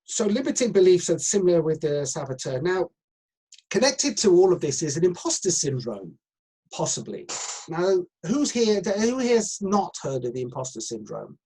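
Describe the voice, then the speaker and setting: A man's voice: high-pitched, sing-song, normal speed, dark tone, slightly rough, low-quality recording. A middle-aged man, an acting coach talking on a video call, rambling with many fillers and restarts. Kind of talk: live video chat coaching session.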